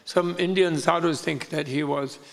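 A man tells a teaching story in a lively, amused way, laughing as he goes. His voice sits on the higher side and is gravelly, with a long reverb behind it as if from a hall. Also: normal speed. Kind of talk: casual spoken storytelling.

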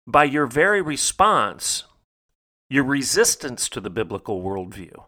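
Emphatic preaching man, bright voice. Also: mid-range voice. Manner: emphatic, rhetorical, repeats phrases for stress. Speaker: podcast host. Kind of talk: preaching monologue.

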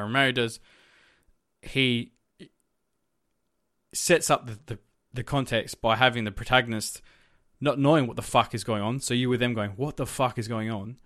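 A man's voice: medium pitch, fairly bright tone, no room sound, clean studio sound. A man co-hosting a casual chat, rambling and searching for words with lots of fillers. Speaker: podcast co-host.

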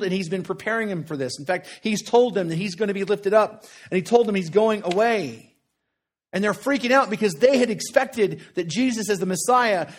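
A male preacher with a notably high voice delivers his sermon in an earnest, conversational manner. He builds emphasis through short repeated phrases and keeps checking in with his listeners.

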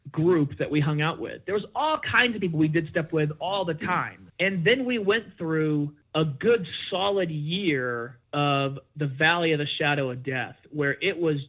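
A man's voice: measured pace, hardly any pauses, phone-quality sound. A middle-aged man, a podcast guest, telling a candid personal story and acting out the back-and-forth of quoted conversations. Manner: animated, acts out quoted exchanges with big pitch jumps.

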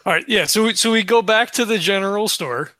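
A man hosting a tabletop gaming show talks in a casual, upbeat way, now and then jumping up in pitch. His voice sits a touch high and comes across bright and forceful. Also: fairly quick, soft background music. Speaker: host. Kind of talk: sponsor read and casual game chat.

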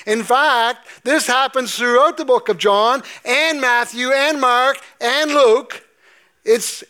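A man's voice: sits high, fairly bright tone. A man pastor giving a sermon, explaining scripture conversationally with frequent fillers and restarts. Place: church sanctuary.

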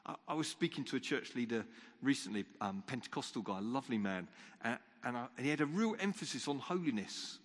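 A man's voice: medium pitch, lively intonation, brisk. A man preaching a sermon as pastor, earnest and restarting his sentences often. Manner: earnest, repeats words when starting sentences. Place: church. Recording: long church hall reverb.

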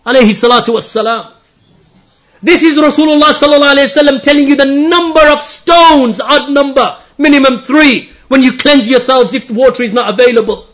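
A man with a strikingly high voice delivers a fervent religious sermon. He works through his points with rising passion and now and then slips into a scornful impression of the people he argues against. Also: a bit bright. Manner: impassioned, quotes opponents mockingly. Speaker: preacher. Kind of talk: Islamic sermon.

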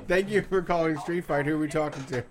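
Guy host taking callers, dry easy manner, slightly high voice. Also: steady tone, quick pace, background noise. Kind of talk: casual call-in banter.

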